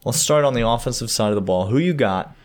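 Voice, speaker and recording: A man's voice: medium pitch, animated, quick pace. A man in his thirties co-hosting a sports podcast, chatting casually and animatedly, laughing often and acting out quoted dialogue.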